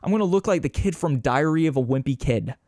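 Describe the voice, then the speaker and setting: A young man hosts a solo podcast, chatting casually in a slightly high voice and talking fast. He rambles, swears, mocks himself, and animatedly imitates people in a raised voice, all in clean studio sound with no room echo.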